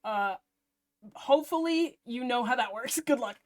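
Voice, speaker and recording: A woman streamer chatting to her viewers as she reacts to a video, excitable and rambling. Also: fairly high pitch, unhurried. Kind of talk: casual live-stream reaction.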